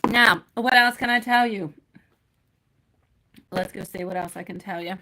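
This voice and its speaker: A woman's voice: mid-range voice, unhurried, background noise. A woman giving live tarot readings to viewers, chatty and affectionate, calling them sweetie and my love. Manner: chatty, reads out viewer names and questions. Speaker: tarot reader.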